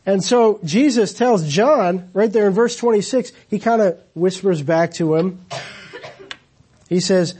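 A man's voice: sits high, moderate pace, warm tone, slightly rough. A man preaching a sermon as pastor, telling the story in a casual, conversational way with rhetorical questions. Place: church.

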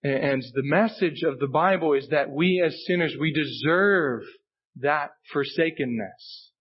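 A man's voice: fairly high pitch, measured pace, slightly rough, muffled recording. A male pastor preaching a sermon, earnest and emphatic, repeating key phrases for weight. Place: church sanctuary.

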